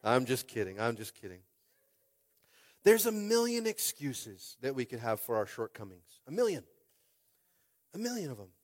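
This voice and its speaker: A pastor in his thirties preaching a lively sermon, acting out quotes and calling out to the congregation. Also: medium pitch, normal speed, long pauses. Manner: animated, acts out quotes, keeps calling on the crowd.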